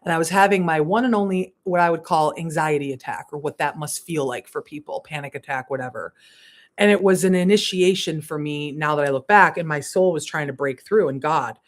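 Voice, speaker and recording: A woman spiritual coach giving a candid livestream monologue, laughing and swearing, swinging between hushed asides and emphatic bursts. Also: low voice, fairly quick.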